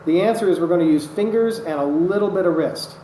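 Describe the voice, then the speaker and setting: A drum instructor with a high-sitting voice moves at a quick pace, patiently and methodically calling out each stroke as he demonstrates it. The instructional demo was recorded in an echoey, noisy room, with drumming on a practice surface audible behind him.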